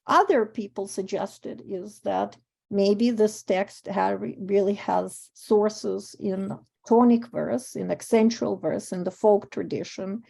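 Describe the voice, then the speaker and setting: A woman whose first language is Russian gives an academic conference talk on verse, thoughtful and pausing, with frequent ums and self-corrections. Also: mid-range voice, vocal fry, warm tone. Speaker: panel speaker on verse translation.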